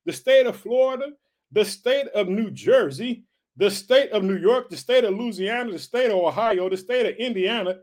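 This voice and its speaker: Fervent high-voiced preacher man. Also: lively intonation, moderate pace, darkish tone. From United States. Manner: fervent, repetitive calls of hallelujah and family. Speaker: podcast host and preacher. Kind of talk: energetic preaching podcast.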